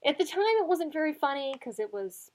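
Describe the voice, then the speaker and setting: A woman's voice: high-pitched, animated, brisk, darkish tone. A young woman telling rambling stories in a casual chat with a friend. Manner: chatty storyteller, rambling tangents. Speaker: co-host.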